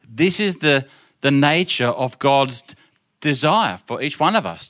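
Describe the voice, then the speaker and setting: Animated male preacher telling a story. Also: mid-range voice, unhurried. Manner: animated storyteller, acts out the voices in quotes, laughs often. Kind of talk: storytelling sermon.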